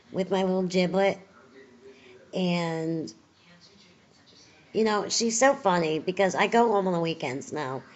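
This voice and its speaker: A woman with a lowish voice gives a casual home video update, rambling with lots of fillers. She's tired and recovering from surgery, and the audio sounds dull.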